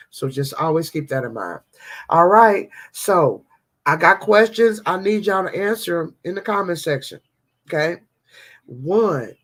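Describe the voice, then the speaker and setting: A woman hosting a casual devotional vlog, chatting animatedly and talking straight to her viewers. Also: low-pitched.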